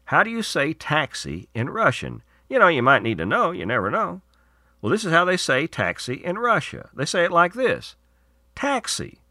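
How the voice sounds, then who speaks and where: Folksy man with a lively voice. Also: on the high side, moderate pace, no echo, clean studio sound. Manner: folksy, earnest and persuasive. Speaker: radio show host. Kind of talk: scripted radio segments and promos.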